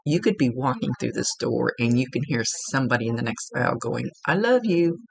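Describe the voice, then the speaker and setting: Woman medium, gravelly husky voice with dry close sound, rambling and self-correcting, at times half-whispered. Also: extremely low pitch, fairly even intonation, a little fast, dry recording, rough recording. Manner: rambling, self-correcting, laughs at own slips. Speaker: psychic medium. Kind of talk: spirit reading.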